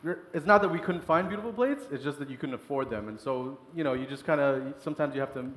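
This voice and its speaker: A man talks fast and chatty in a casual interview, tossing in little laughs. The room is roomy, with a long reverb tail and faint ambience behind him. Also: mid-range voice, a bit bright. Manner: quick, chatty, laughing asides. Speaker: chef.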